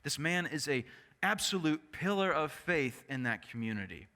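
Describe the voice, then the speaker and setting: A male pastor preaching a sermon in an animated storytelling manner, often turning to the congregation with asides. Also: on the high side, moderate pace. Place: church sanctuary. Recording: echoey church sanctuary.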